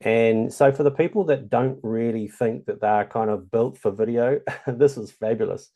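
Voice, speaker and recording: A man with a New Zealand accent talks through a tutorial in a loose, chatty way. His voice is mellow and gravelly, with a mid-range pitch. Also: moderate pace. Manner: chatty, loose, many ums. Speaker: tutorial host. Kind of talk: casual screen-share tutorial.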